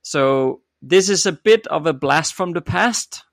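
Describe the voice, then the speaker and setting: Male podcast co-host, gravelly, hesitant, dry close sound. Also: fairly high pitch, lively intonation, a little slow, dry recording. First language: Danish. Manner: hesitant, many ums and restarts. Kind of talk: casual chat.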